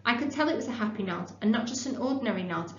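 A woman teacher reading a children's book aloud in a clear, expressive storytelling voice. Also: a little high, fast talker. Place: classroom. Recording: roomy, dull lo-fi classroom recording.

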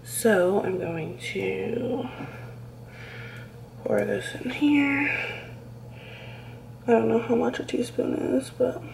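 A woman's voice: fairly high pitch, steady tone, slow, vocal fry, pauses often, noisy background. A young woman vlogging casually at home, reacting dramatically and squeamishly as she talks through a recipe. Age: young adult. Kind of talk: casual vlog chat.

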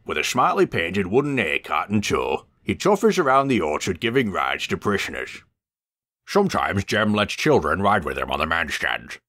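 A man reading a children's storybook aloud, expressive and voicing the characters. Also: low-pitched, moderate pace.

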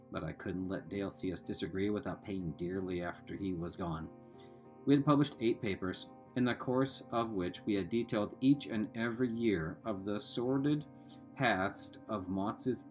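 A man reading a novel aloud in a steady voice, sometimes correcting a slip. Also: mid-range voice.

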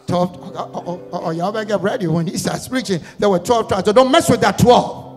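High-voiced preacher man, booming church hall. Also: a little fast. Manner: repetitive questioning, builds to shouting, sing-song cadence. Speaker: guest pastor. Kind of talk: Easter sermon with call-and-response. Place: church sanctuary. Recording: church hall reverb with music.

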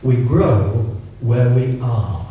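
An older man from England giving an informal, joking sermon, slowing down whenever he quotes scripture. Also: mid-range voice, expressive, warm tone, muffled recording. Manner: chatty, self-mocking, slows right down for scripture. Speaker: preacher. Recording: echoey room, voice from far off.

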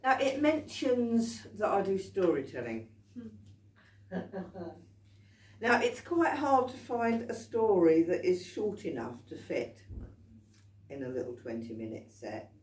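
A woman's voice: mid-range voice, big pitch swings, slow, long pauses, a little mellow, a little hiss or hum. A woman, a folk performer, telling a story live to a club audience in a chatty, playful way and coaxing them to join in. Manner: chatty, playful, laughs between lines, coaxes the audience. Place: folk club room in a pub. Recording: echoey room, mic at a distance.

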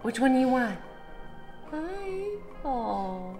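A woman's voice: fairly high pitch, expressive, a little slow. A woman vlogging at home, talking to her dogs in a cooing baby-talk voice. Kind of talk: casual home vlog. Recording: echoey room with music.

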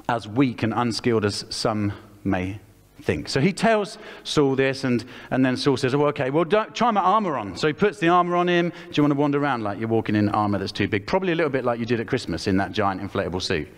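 Animated English preacher in a reverberant hall. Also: male voice, medium pitch, a little fast. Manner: animated, acts out the characters' voices. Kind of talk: lively storytelling sermon with a child helper acting. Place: church hall.

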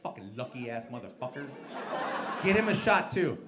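A man's voice: mid-range voice, very animated, normal speed. Brash, profane comedian in his forties. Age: 40s. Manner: profane, brash, teasing the audience. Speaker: stand-up comedian. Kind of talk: stand-up crowd work. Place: comedy club stage. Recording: echoey club with crowd noise. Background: laughing club audience.

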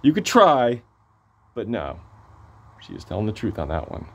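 A man with a hoarse voice giving a casual, excitable album review, gushing and swearing freely. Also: lowish voice, normal speed, a little hiss or hum.

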